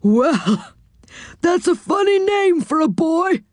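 A woman's voice: very high-pitched, sing-song, slow pace, no room sound, studio quality, voice pushed up, full character voice. A woman voicing a deaf old man covered in saucepans, who mishears everything. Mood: cheerful.

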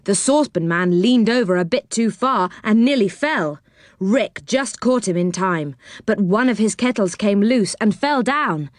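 Narrator: woman, animated storybook reading, dry close sound. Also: mid-range voice, unhurried, dry recording. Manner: expressive, lively reading. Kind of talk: children's story read aloud.

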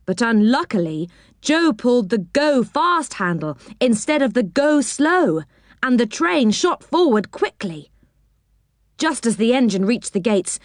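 A woman reading a children's storybook aloud with expressive, animated narration. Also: fairly high pitch, no echo, studio quality.

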